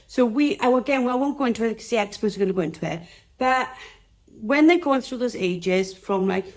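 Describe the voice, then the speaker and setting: A woman's voice: fairly high pitch, expressive, a little fast. A woman with a Welsh accent, a dog trainer hosting a casual live teaching session, chatty and rambling as she talks straight to her viewers.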